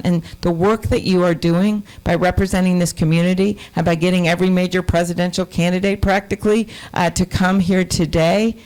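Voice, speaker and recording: A woman's voice: fairly low pitch, darkish tone, low-quality recording. A middle-aged woman giving a campaign speech in a hotel conference room, telling personal stories in a folksy, earnest way. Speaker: presidential candidate speaker.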